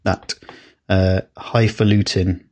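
This podcast co-host chats casually in a low, somewhat mellow voice, speaking slowly with a flat delivery. He rambles, hesitates, and fills his talk with fillers and restarts.

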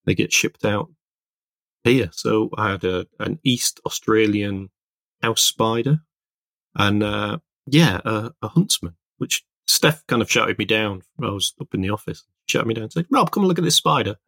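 A man's voice: fairly low pitch, measured pace, vocal fry, a bit bright, dry recording, studio quality. A man co-hosting a podcast, chatting casually and rambling through stories with lots of self-corrections. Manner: rambling, self-interrupting storyteller. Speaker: podcast co-host, illustrator. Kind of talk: casual chat.

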